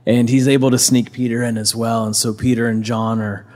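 A man's voice: medium pitch, little pitch movement, a little fast, darkish tone. A man casually retelling a scripture story as a preacher, conversational, with many fillers and restarts.

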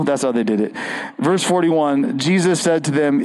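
A man's voice: a little high, moderate pace, a little mellow, poor audio. A man preaching an earnest, conversational sermon as a pastor, often restarting his phrases.

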